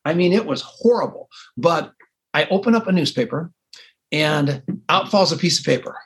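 Husky older man telling a wild story. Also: on the high side. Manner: self-mocking, acts out both sides of conversations. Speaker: podcast co-host telling his story. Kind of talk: animated storytelling.

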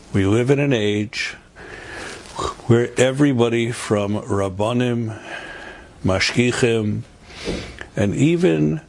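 A middle-aged man preaches at an unhurried pace in a low, gravelly voice. He tells his story emphatically, circling back to repeat key phrases and pushing them up in pitch. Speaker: rabbi giving a holiday talk. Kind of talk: storytelling sermon.

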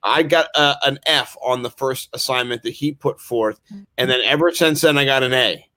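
A man's voice: medium pitch, moderate pace, pushed and bright, no room sound. A man hosting a casual sports podcast, telling rambling stories with frequent stammered restarts. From Maryland, United States. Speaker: podcast host.

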